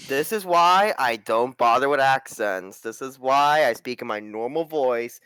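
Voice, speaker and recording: A man's voice: mid-range voice, animated, a little slow, fairly bright tone, clear, resonant tone, no room sound. A man playing in a tabletop game, chatting casually and joking about his dice rolls. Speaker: player.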